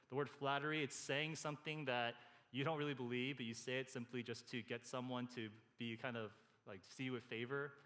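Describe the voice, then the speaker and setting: A man preaches a casual, storytelling sermon. His voice sits at an ordinary middle pitch and carries long reverb from a church hall. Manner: conversational, storytelling with animated quoted asides. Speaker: pastor.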